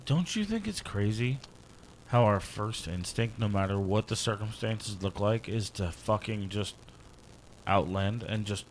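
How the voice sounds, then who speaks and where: A man co-hosting a casual podcast with a fairly low voice. He mostly backs up his partner with short replies, swearing now and then. There is faint background noise. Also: animated, a little slow, rough recording. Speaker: podcast co-host.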